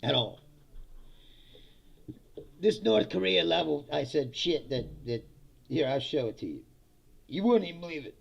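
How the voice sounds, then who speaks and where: A man's voice: a little high, animated, unhurried, gravelly, pauses often, husky, dull audio. A man delivering a profane, sarcastic political comedy rant, laughing between lines. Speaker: political commentator.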